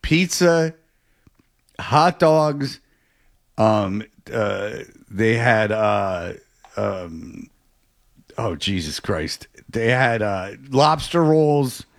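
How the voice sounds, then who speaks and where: A man in casual chat, telling a rambling, animated story with many restarts. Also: fairly low pitch, drawn-out words, no room sound, clean studio sound.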